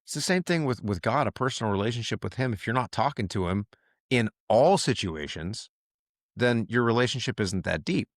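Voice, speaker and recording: A man's voice: medium pitch, animated, brisk, dry recording, clean studio sound. A man hosting a podcast, talking earnestly and reflectively with frequent chuckles. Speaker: podcast host.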